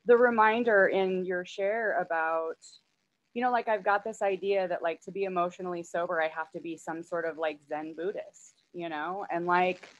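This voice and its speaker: A woman with a lowish voice shares at an online recovery meeting, gushing and close to tears and filling her speech with "like" and "you know". The audio is dull and lo-fi. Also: fairly bright tone. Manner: gushing, tearful, many fillers of like. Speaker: meeting member sharing.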